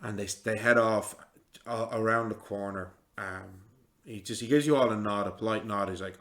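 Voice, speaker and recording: A man narrating a tabletop game as game master, relaxed and halting with frequent ums. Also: fairly low pitch.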